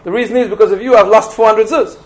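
A man voicing a brash, provoking adult man who talks loudly and insistently. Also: high voice, steady tone, fast talker, natural voice. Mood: complaining. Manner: loud and insistent.

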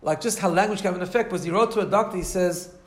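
Guy teaching a class, slightly high voice, keeps going "right?" and restarting himself. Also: rapid-fire, reverberant. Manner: conversational, frequent restarts, keeps asking "right?". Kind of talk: class lecture.

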